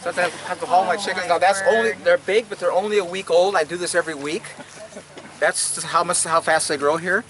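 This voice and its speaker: A crowd can be heard behind this older man, whose high voice races along on poor audio as he casually guides a tour of his garden and orchard. His folksy, enthusiastic talk stumbles and repeats words, and the outdoor recording carries steady background noise.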